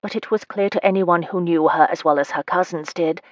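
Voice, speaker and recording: A woman with a low, steady voice reads a romance novel aloud as scripted narration, lifting her pitch a little for the characters' lines. The recording is dry and close, with a slightly muffled, dull tone. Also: a little fast, no room sound. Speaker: audiobook narrator.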